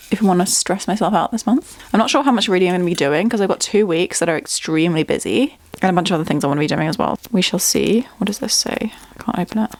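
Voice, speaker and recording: Bubbly young woman, lowish voice. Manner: bubbly, chatty, thinks aloud. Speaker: book vlogger. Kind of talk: casual chat.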